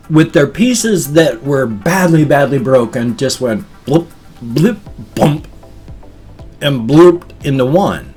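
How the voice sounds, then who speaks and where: Man, fifties, casual vlog, rambling and goofy, animated pitch, faint music behind. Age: 50s. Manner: rambling, playful, with silly sound effects. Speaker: vlogger.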